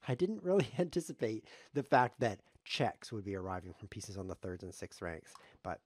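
A man's voice: deep voice, expressive, a little fast, breathy edge, dry recording. A man streaming live chess, commenting on his games in a sarcastic, joking way as he plays. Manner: sarcastic, joking, talks to himself while playing.

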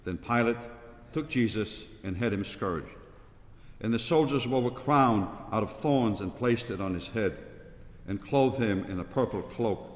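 Low-voiced man narrating a church reading. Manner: steady, measured reading. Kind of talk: liturgical Passion reading. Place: large church. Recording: echoey church with long reverb.

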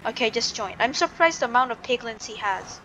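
A woman's voice: on the high side, expressive, a little fast, pushed and bright, a little hiss or hum. A woman giving casual gameplay commentary, chatty and full of "like" and restarts. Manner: chatty, hedging with "like", self-interrupting. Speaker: gamer and video creator.

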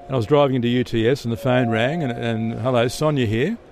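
A man's voice: mid-range voice, steady tone, fast talker, background noise. A middle-aged Australian man, an interview guest telling stories in a chatty way, often restarting and repeating words. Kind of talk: relaxed storytelling answers.

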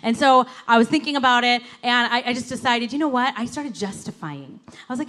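A woman pastor giving a sermon in an animated, conversational storytelling way, full of casual fillers. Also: fairly high pitch, fairly quick, hardly any pauses. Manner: animated, conversational, lots of "like" and "you know".

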